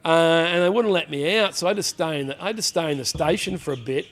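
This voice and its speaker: A man's voice: fairly high pitch, fast talker. A middle-aged man with an Australian accent, a former police officer telling rambling anecdotes in a casual interview, full of "you know" asides.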